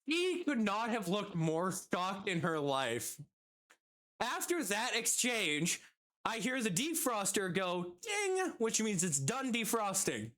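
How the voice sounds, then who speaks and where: A streamer telling a work story casually, quick and animated, acting out the quotes. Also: mid-range voice.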